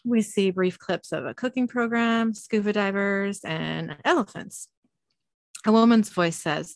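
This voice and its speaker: A woman reads out a television episode's scenes one after another and drops in filler ums and uhs as she goes. Her voice sits at a middle pitch. The sound is dry and close. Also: unhurried, dry recording. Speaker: podcast host narrating a TV episode. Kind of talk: reading a scene-by-scene recap with chat.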